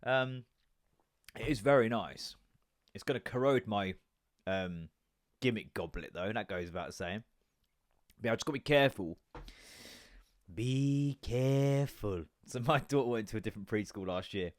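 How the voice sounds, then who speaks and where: A man's voice: on the low side, lively intonation, fairly quick, long pauses, no room sound, clean studio sound. A man, hosting a podcast in casual, jokey chat full of swearing and rambling asides. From United Kingdom. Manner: comedic, stand-up performer. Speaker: podcast host.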